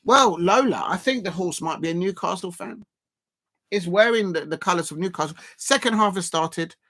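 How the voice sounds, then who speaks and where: Hosting a live football watchalong, a man from South London speaks at a normal speed in a voice that sits high with a fairly bright tone. His chat is casual and rambling, packed with fillers and restarts, as he reads out viewer comments.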